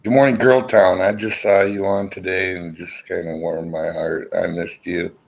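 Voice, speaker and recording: A man's voice: low voice, little pitch movement, moderate pace, vocal fry, poor audio. A middle-aged man chatting casually to his viewers from his armchair through a laptop mic, rambling and blunt, with frequent swearing. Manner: rambling, profane, blunt storyteller. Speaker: vlogger. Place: at home, seated in an armchair. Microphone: laptop built-in mic.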